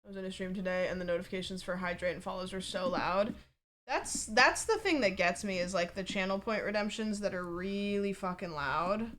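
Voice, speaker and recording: A woman's voice: medium pitch, a little fast, fairly bright tone. A woman livestreamer chatting casually from a home setup, rambling and peppered with fillers and swearing.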